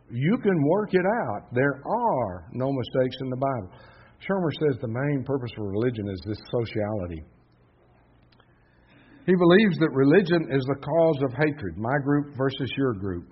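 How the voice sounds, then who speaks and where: A man preaching a sermon in an emphatic style, swinging between loud stresses and hushed asides. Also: mid-range voice, sing-song, unhurried, breathy edge. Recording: dull lo-fi sound.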